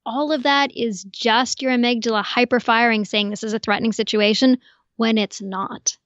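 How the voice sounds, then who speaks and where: A woman guest on a podcast, explaining calmly and clearly in an instructive way. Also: fairly high pitch, moderate pace, no room sound, muffled recording. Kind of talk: explanatory interview talk.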